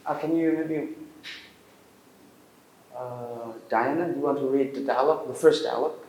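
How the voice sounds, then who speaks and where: A man's voice: medium pitch, a little mellow, a little hiss or hum. Man lecturing in roomy classroom. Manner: asks the class questions, halting with fillers. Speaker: university lecturer.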